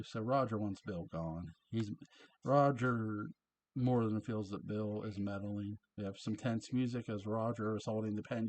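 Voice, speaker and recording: A man's voice: on the low side, moderate pace, darkish tone. A man casually recapping and reviewing a TV episode, chatty and chuckling at his own asides.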